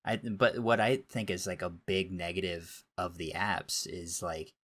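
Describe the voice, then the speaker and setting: A man's voice: deep voice, steady tone, measured pace, a bit bright. A man in his thirties, a podcast co-host chatting candidly, with self-deprecating humor. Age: 30s. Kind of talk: casual chat.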